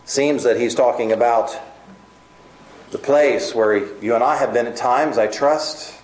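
A man delivering a sermon, earnest and emphatic, slowing down for key points and speeding up in others. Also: medium pitch, roomy sound, rough recording. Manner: earnest, emphatic preaching with varied pace. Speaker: preacher.

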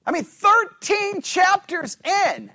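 A man preaching a sermon as a pastor, animated and rhetorical, often tossing in "right?" to the listeners. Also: very high-pitched, slow pace, vocal fry, no room sound.

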